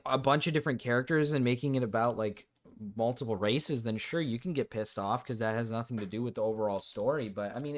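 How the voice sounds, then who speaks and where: Laughing man reacting on stream. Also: medium pitch. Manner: laughs often, swears, repeats himself. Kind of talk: casual reaction commentary.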